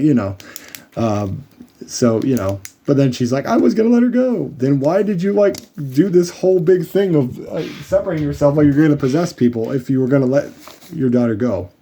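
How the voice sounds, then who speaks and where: A man giving a casual, rambling recap of a show, full of ums and sarcastic asides. His voice is mellow and a little husky, and his pitch swings up and down a lot as he jokes. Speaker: show reviewer.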